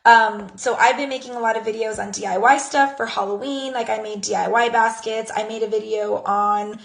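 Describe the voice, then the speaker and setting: Her voice gravelly and steady, fairly quick, a woman in her thirties chats to camera about social media for her jewelry business. She acts out short conversations in a high, bright voice, and the recording has an echoey room sound.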